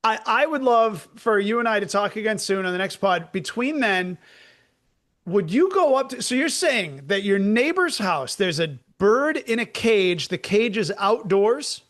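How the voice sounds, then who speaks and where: A man's voice: high voice, expressive, measured pace, fairly bright tone. A man with a New England accent co-hosting a podcast, questioning with wry skepticism. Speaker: podcast co-host. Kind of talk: casual chat.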